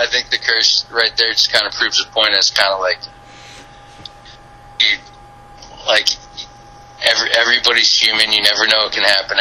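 A man with a husky, very bright, sharp voice tells a story as a podcast guest. He is animated and casual, full of fillers and the odd curse, and his voice sits a little low. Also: rough recording. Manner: animated, lots of fillers and swearing. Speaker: podcast guest, sports content creator.

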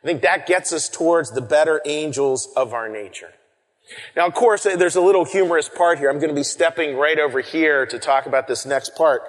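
A man preaching a sermon in a large hall, his voice pitched a little above most men's and trailing off in a long reverb. He talks in a loose, conversational way, repeating and restarting words. He swings from near-shouts to hushed whispers for effect. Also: a little fast.

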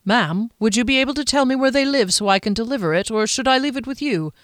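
A woman's voice: fairly high pitch, expressive, fast, no echo, studio quality, pitched above the performer's own voice, lightly acted. A woman voicing a polite, sympathetic male dispatch rider who talks courteously to a shopkeeper. It is an audiobook reading.

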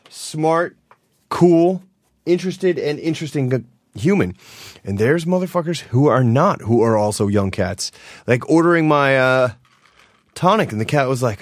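A man hosting a podcast in casual chat, animated and jumpy, cursing freely. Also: mid-range voice, no room sound, clean studio sound. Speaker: podcast host.

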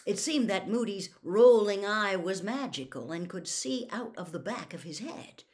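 A woman reading a novel aloud as a storyteller, in an unhurried, expressive manner. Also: medium pitch. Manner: unhurried, expressive, swinging intonation.

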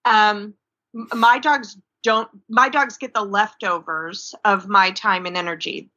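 A woman dog trainer in casual conversation, telling stories in a lively way and acting out what people said. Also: medium pitch, measured pace, dull audio. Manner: lively storyteller who acts out quotes.

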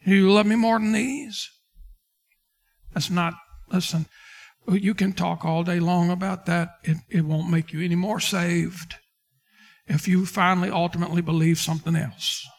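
Man pastor, high-pitched, preaching a sermon and acting out scripture scenes. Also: fairly even intonation, moderate pace, vocal fry. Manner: preaching with King James quotes and dramatic retellings.

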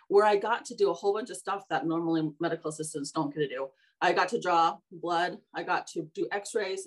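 A woman's voice: lowish voice, low-quality recording. A woman hosting a podcast, telling her life story in a rambling, casual way, correcting herself and laughing as she goes. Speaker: podcast host.

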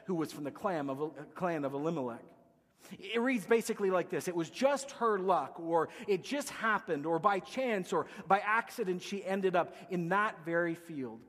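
A man preaching a sermon as pastor, emphatic, with hushed lines between loud declarations. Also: high voice, big-room sound.

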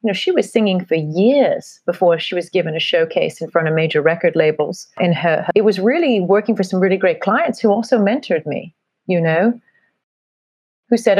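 A woman's voice: fairly low pitch, moderate pace, a little mellow, husky, no room sound. A middle-aged woman guest with a mix of British and American accent, telling stories in a rambling, reflective way during an interview. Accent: mixed British and American. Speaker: guest, marketing strategist. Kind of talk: conversational interview.

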